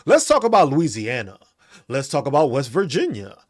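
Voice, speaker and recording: A man's voice: mid-range voice, wildly swooping pitch, moderate pace. A man hosting a podcast, mocking and profane, ranting at commenters and laughing between taunts. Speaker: podcast host.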